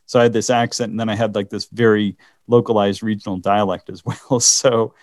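A man's voice: lowish voice, little pitch movement, brisk, dry recording, studio quality. A man from the Canadian Maritimes co-hosting a podcast in casual chat, often stopping and restarting his sentences. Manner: hesitant, many restarts and laughs. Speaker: podcast co-host.

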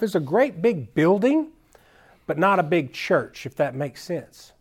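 A man who is a children's minister, telling stories at a conference in an animated, folksy way with casual slang. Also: fairly high pitch, unhurried, breathy edge. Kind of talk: storytelling conference talk.

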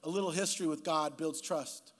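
Casting: male preacher, early fifties, high-pitched, animated storyteller who voices the people in his stories. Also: fairly quick. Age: 50s. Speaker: guest pastor. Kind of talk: sermon. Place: church.

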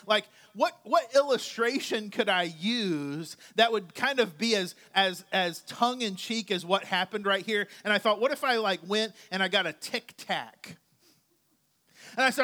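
A man's voice: sits high, sharp tone. A male pastor preaching a conversational sermon, with chatty, joking asides to his congregation.

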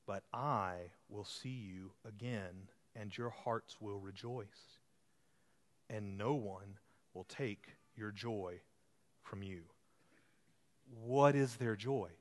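Emphatic preacher in a reverberant hall. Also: male voice, medium pitch. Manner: swings from hushed to loud and emphatic. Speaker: pastor. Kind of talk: sermon.

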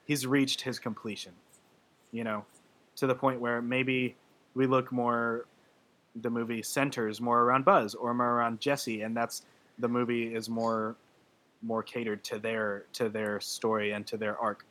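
A man's voice: mid-range voice, flat delivery, unhurried, a bit bright. A man in casual podcast chat, gushing and emotional, rambling with many fillers and restarts. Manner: gushing about a film, laughing through his words.

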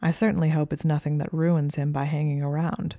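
A woman reading the part of a sly young male student who teases and probes with a smirk, in a mellow voice. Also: low voice, level tone, brisk, dry recording, clean studio sound. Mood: sly, teasing. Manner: teasing, probing, smirking.

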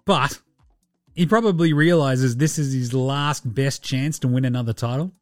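A man's voice: medium pitch, moderate pace, no echo, faint music behind. An Australian man hosting a sports podcast in casual chat. He is laid-back and slangy, and he swears freely. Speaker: podcast host.

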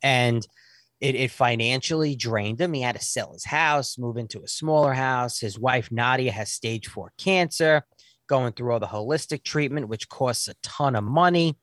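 A man in his forties telling a story in casual talk, animated and often restarting his sentences. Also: mid-range voice, moderate pace, no room sound, studio quality. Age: 40s.

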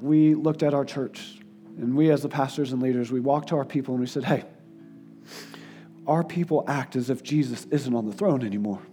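A male guest preacher giving an earnest sermon, sometimes emotional and dropping his voice softly for quotes. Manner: earnest, tearful in places, drops to soft low tones for quotes. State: crying at times.

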